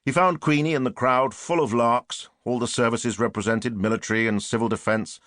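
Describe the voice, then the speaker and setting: A man reading a novel aloud as an audiobook narrator, measured and wry. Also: mid-range voice, fairly even intonation, a bit bright, no echo, clean studio sound. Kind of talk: scripted narration.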